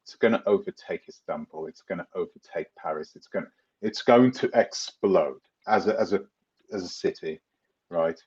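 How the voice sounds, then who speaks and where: A man with a London accent chats through a live Q&A, drifting from point to point and calling out viewers by name. His voice sits fairly low. The stream audio is dull and lo-fi. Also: normal speed, darkish tone, husky. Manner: chatty, rambling, laughs often, addresses viewers by name. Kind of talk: live Q&A reading viewer comments.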